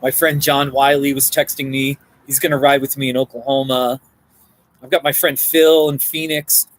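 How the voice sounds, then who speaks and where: A man's voice: mid-range voice, level tone, normal speed, low-quality recording. A man chatting casually on a live stream from a coffee shop, rambling and answering viewer comments. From Colorado.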